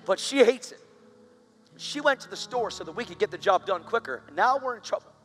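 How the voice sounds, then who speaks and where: A man's voice: sits high, expressive, brisk, fairly bright tone, faint music behind. A man preaching, telling a story with strong feeling and rising into fervent prayer. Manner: emotional, builds to fervent prayer. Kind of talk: storytelling sermon.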